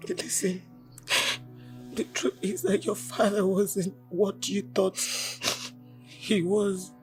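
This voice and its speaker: An actress playing a remorseful mother who pleads gently with her grown daughter, with a Nigerian English accent. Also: medium pitch, steady tone, soft background music, close to an everyday voice. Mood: pleading. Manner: soothing, apologetic, slow. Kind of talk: Nollywood film drama.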